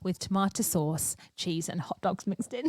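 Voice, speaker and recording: A woman's voice: on the low side, moderate pace, dry recording. Chatty English woman, dry close sound. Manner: chatty, animated storytelling with quoted asides. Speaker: podcast co-host. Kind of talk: casual chat.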